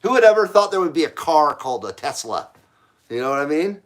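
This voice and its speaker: A man's voice: a little high, big pitch swings, fairly quick. A middle-aged man hosting a casual live stream, reading viewers' messages aloud and answering bluntly, with frequent swearing and laughter. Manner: blunt, profane, laughs often.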